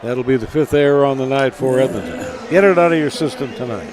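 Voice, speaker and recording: Steady male baseball play-by-play announcer. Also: mid-range voice, quick pace, a crowd in the background.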